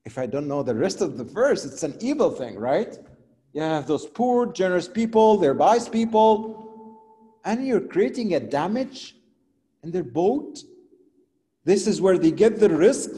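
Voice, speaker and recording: A man preaching a sermon and telling a story animatedly, dropping from loud to quiet, with non-native phrasing. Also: fairly high pitch, sing-song, unhurried. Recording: long hall reverb.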